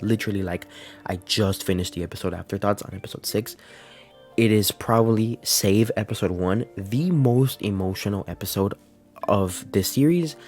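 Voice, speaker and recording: A man's voice: on the low side, darkish tone. A man giving casual, earnest commentary on an anime episode, emotional and full of fillers. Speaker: anime reviewer.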